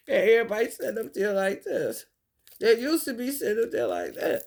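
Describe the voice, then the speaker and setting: A woman talking casually to her viewers, telling animated, profane stories with frequent laughter. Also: mid-range voice, moderate pace, gravelly. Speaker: spiritual talk host.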